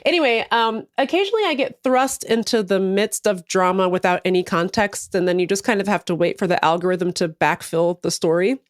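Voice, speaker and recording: A woman's voice: mid-range voice, a little fast, few pauses, no echo, studio quality. A woman co-hosting a podcast, telling a story in casual comedic chat, laughing often and acting out the people in it. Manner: animated storyteller, laughs often, acts out voices. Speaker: podcast co-host.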